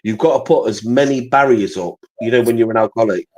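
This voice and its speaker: Blunt man, swears freely, talks in loops, relaxed live-stream chat. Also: mid-range voice, fast, rough recording. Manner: blunt, sweary, repeats himself. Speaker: guest on a live stream panel. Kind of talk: casual chat.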